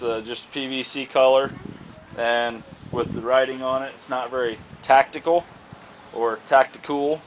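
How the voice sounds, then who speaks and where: A man presents his self-built target stand in an easygoing outdoor show-and-tell, rambling and full of fillers and restarts. His medium-pitched voice has a fairly bright tone. The recording is rough, with a little hiss or hum.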